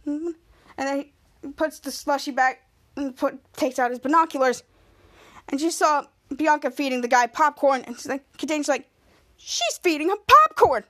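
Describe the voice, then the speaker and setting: Woman, podcast host, high voice, casual recap, rambling, self-correcting, giggly. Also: steady tone, moderate pace, fairly bright tone.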